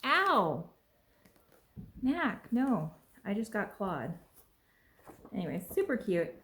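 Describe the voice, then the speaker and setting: A woman's voice: mid-range voice, slow pace. Gushing woman unboxing in an echoey room. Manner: gushing, excited, exclaims often. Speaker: vlogger unboxing a package. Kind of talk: casual unboxing vlog. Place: at home with a pet.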